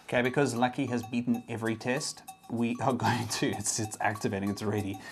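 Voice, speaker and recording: A man's voice: medium pitch, level tone, a little fast, few pauses, faint music behind. A young man giving a casual, explanatory tech review, occasionally restarting his sentences.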